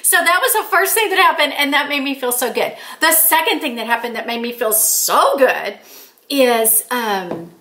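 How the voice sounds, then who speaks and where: An older woman chatting to camera as a channel host, telling stories in an excited, chatty way and acting out quoted dialogue. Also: on the high side, normal speed, slight background noise. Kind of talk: casual storytelling to camera.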